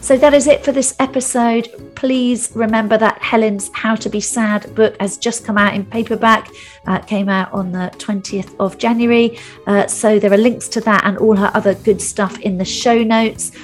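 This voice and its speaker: A woman's voice: on the high side, steady tone, moderate pace, faint music behind. A woman hosting her own podcast, reading a scripted segment with chatty, self-deprecating asides. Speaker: podcast host.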